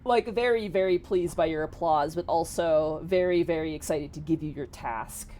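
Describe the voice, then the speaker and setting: A woman's voice: low-pitched, moderate pace, warm tone, slight background noise. A woman narrating a tabletop game as game master in a casual way, with many fillers.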